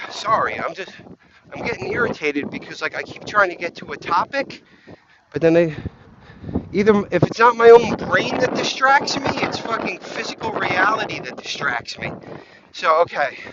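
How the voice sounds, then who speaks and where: A high-pitched man rants as he walks, swearing freely and drifting from point to point. The recording is muffled and lo-fi. Light wind noise rustles behind him. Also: a bit bright. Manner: profane, scattered, easily distracted. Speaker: vlogger. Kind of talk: rambling walk-and-talk rant. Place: outdoors on a windy walk.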